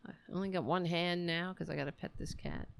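Woman, livestream host, worn out and sardonic; low, gravelly, unhurried delivery. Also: fairly even intonation. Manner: sarcastic, profane, tired. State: exhausted. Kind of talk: casual late-night livestream chat. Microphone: desk mic at a computer.

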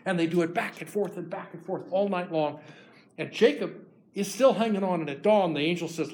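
A man's voice: sits high, a little fast, darkish tone, rough recording. A man preaching, retelling a scripture story in a casual, conversational way, acting out the characters' voices as he goes. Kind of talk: sermon storytelling.

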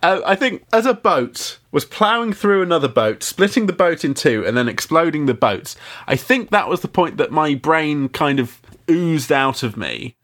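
A man's voice: a little high, lively intonation, moderate pace, fairly bright tone. A man co-hosting a podcast, animatedly retelling film scenes in casual chat and laughing often. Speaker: podcast co-host.

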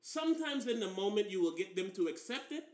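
Guy on a podcast w a high bright voice, laughing thru his stories, echoey room. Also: a little fast. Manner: animated storytelling, laughs often, acts out quotes. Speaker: podcast co-host. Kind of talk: casual podcast banter.

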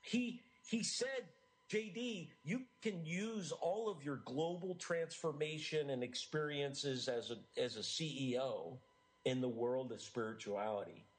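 A middle-aged man from the United States, an author being interviewed, talking in an earnest, animated way with frequent restarts. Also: medium pitch, a little slow, poor audio. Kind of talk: enthusiastic interview talk.

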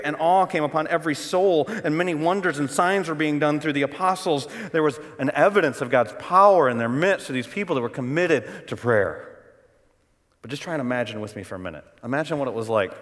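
A middle-aged male pastor preaching a sermon, telling the story dramatically and shifting between loud bursts and hushed, quiet passages. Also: fairly high pitch. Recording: long hall reverb.

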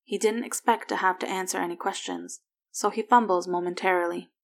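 Soft-spoken woman reading a story. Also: lowish voice, steady tone, brisk. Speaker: narrator. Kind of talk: fan fiction reading.

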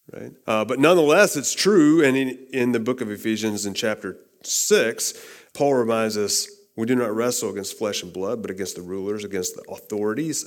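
A man delivers a sermon in an easy, conversational way, often restarting phrases and checking in with his listeners with a quick question. When he quotes scripture, his voice drops softer and lower. His voice sits at an ordinary middle pitch. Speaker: preacher.

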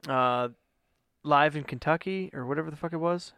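A young man with a higher-than-usual pitch and a gravelly fry tells a rambling story. His voice is smooth and rich despite the creak. He swears freely and keeps adding "you know what I mean". The recording is dry and close. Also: normal speed, a bit bright, no echo. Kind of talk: casual chat, storytelling.

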